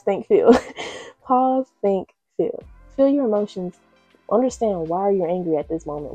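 A young woman talks earnestly through a faith-based solo podcast, leaning on repetition to drive her points home. Her voice is mellow and a little husky, and the recording sounds dull and lo-fi. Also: mid-range voice, no echo. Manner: earnest, conversational, repeats phrases for emphasis. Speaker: podcast host.

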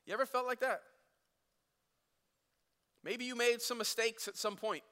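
A man preaching a sermon, telling a story casually and acting out the quotes, swinging from loud to hushed. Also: very high-pitched, fairly even intonation, unhurried, big-room sound. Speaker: pastor.

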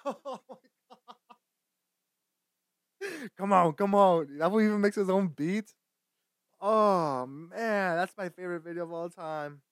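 A young man chatting casually on his stream, loud and foul-mouthed, breaking into laughter again and again. His voice sits high for a man, and the sound is dry and close. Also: slow pace, long pauses, no echo. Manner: loud, swearing, laughing often, mocking voices. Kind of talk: profane casual chat.

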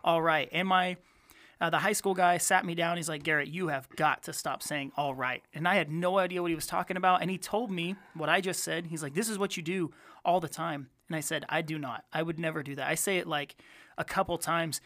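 A man, a youth minister, telling a story in casual chat with lively energy. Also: a little high, a little fast. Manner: animated storyteller, uses fillers.

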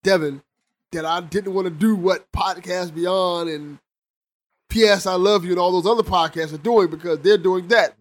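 A man's voice: high-pitched, steady tone, normal speed. A man hosting a casual podcast interview, laid-back and chuckling as he talks. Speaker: podcast host.

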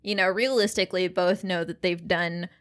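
A woman's voice: on the low side, steady tone, moderate pace, fairly bright tone. A woman co-hosting a podcast in casual chat, talking freely with frequent laughs and lots of fillers. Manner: chatty, laughs often, many fillers. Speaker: podcast co-host.

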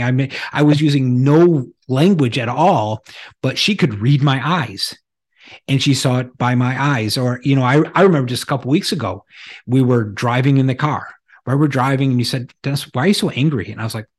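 A man's voice: medium pitch, fairly quick, husky. Middle-aged man, podcast co-host, casual talk, storytelling, restarts sentences. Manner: storytelling with anecdotes, frequent restarts.

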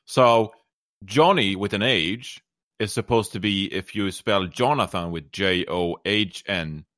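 A man co-hosting a podcast, chatting in an animated, playfully defensive way. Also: lowish voice, a little slow, no room sound. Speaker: podcast co-host. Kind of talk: casual chat.

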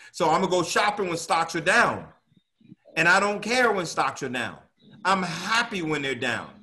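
Guy teaching money stuff to a crowd, kinda high voice, keeps asking them questions, punchy. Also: big pitch swings, moderate pace, sharp tone, slight background noise. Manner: quizzes the audience, call-and-response; emphatic, repeats "right?" as a tag. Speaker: financial educator. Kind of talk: interactive teaching talk.

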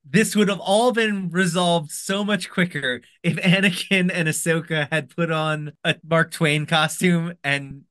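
Male co-host, slightly high, bright, excitable recap chatter. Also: unhurried, few pauses, clean tone. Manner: excitable, rambling with restarts. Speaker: podcast co-host. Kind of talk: casual recap chat.

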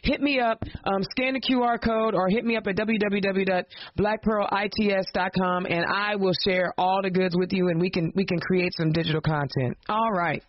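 A woman's voice: medium pitch, fairly even intonation, moderate pace, few pauses, dry recording. Fiery woman podcast host ranting. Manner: fiery, emotional, rhetorical questions, casual slang. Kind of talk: impassioned political rant and show hosting. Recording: dull lo-fi dry podcast audio.

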